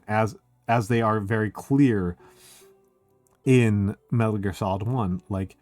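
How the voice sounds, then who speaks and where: A man chatting casually on a stream, excitable and swearing, full of filler words. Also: fairly low pitch, dry recording. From United States. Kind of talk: casual chat.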